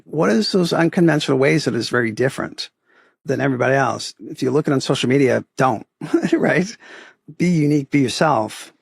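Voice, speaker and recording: A middle-aged man with a Boston accent, his voice gravelly and a little husky. He tells his stories animatedly, acting out the people in them, and the sound is close and dry. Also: mid-range voice, no echo. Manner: animated storyteller, acts out quoted voices, often adds "right?". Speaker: podcast guest, photography business owner. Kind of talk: casual interview storytelling.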